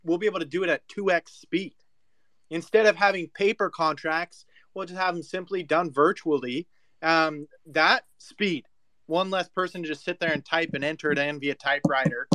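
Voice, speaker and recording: A man's voice: fairly high pitch, bright, forceful tone, no room sound. A man in a casual chat, arguing his point in a brash, emphatic rant.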